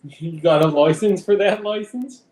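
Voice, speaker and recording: A man's voice: high voice, moderate pace, a little mellow. A man rambling casually on a live stream at home, swearing now and then and talking to his cat. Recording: roomy with faint background noise.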